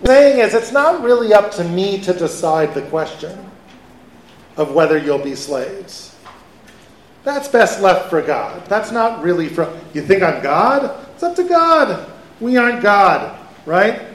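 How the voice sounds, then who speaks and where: A man, a rabbi, giving a lively conversational Torah lecture to a live audience and asking them questions. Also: high voice, a little slow, a little hiss or hum. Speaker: rabbi teaching a Torah class. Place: event hall with an audience. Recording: echoey hall.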